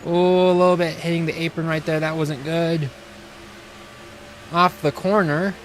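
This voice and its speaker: A man's voice: on the high side, little pitch movement, a little slow. A man streaming a racing game live, commenting casually and greeting his chat. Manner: eager, casual, talks to chat. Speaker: gaming streamer.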